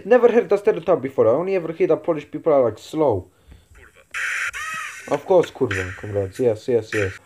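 A man's voice: on the high side, expressive, fairly quick, background noise. Crude, swearing reaction-video host, man. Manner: crude, swearing, calls everyone comrade in a put-on communist persona. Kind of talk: casual reaction commentary.

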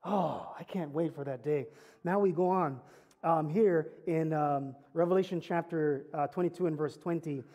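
Fervent high-voiced preacher, dark tone. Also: male voice, moderate pace. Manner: earnest preaching with rising emphatic climaxes; conversational storytelling with humor. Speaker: pastor. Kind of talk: sermon.

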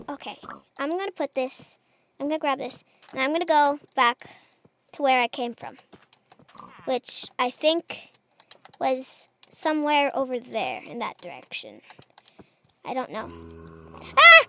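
A woman's voice: high voice, a little hiss or hum. A woman casually commenting as she plays a building game, chatty and unsure of herself, talking to the animals she meets. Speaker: gamer. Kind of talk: casual Minecraft let's play commentary.

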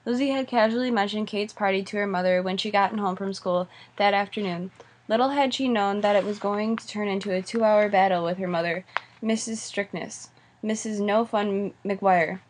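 A woman reading a children's novel aloud in a plain, steady voice. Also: medium pitch, normal speed, slight background noise. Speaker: audiobook reader. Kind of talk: storybook read-aloud.

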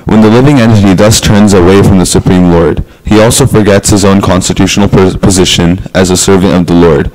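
A man's voice: low voice, steady tone, brisk, few pauses, a little mellow, poor audio. A man speaking as a student in a class, hesitantly reciting and explaining a scripture verse, with many ums.

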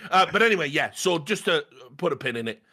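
A man's voice: fairly high pitch, animated, fast talker, pushed and bright, slightly rough. A man co-hosting a casual film podcast, enthusiastic and swearing freely. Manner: enthusiastic, swearing, laughing asides. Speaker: podcast co-host.

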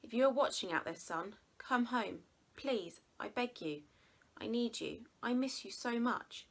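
A woman voicing a tearful middle-aged father, pleading slowly. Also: fairly high pitch, expressive, a bit bright, pitched above the performer's own voice, heavily acted.

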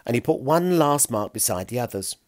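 A man narrating a children's story in an expressive, playful way, recorded close. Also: medium pitch, fairly quick, no echo.

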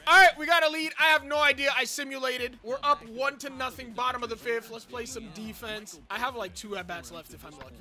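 A young man giving excitable commentary over his own baseball video game, chatting to viewers and shouting and groaning at each play. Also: very high voice, brisk, few pauses. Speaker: gaming channel host. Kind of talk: live gameplay commentary.

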